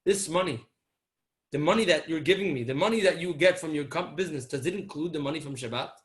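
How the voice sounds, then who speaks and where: A man giving a Torah talk as a sermon, telling a story and acting out its dialogue, swinging between loud and soft. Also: a little high, fast talker.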